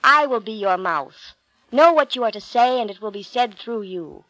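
A woman voicing God as a mighty, solemn male figure in a storybook reading, speaking slowly and with command. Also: on the high side, lively intonation, a bit bright, no echo, rough recording.

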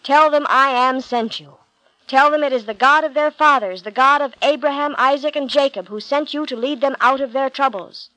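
A woman voicing God as a mighty, solemn male figure in a storybook reading, speaking slowly and with command. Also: high voice, bright, forceful tone, no echo, poor audio.

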